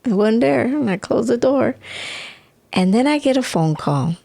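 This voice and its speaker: Higher-pitched woman, chatty co-host, animated storyteller who acts out every voice. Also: normal speed, vocal fry. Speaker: podcast co-host. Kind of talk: storytelling in casual chat.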